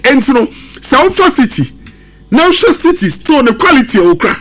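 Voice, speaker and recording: Animated man, football pundit. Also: very high-pitched, a little fast. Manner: emphatic, animated, mixes English with Twi. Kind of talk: sports radio discussion.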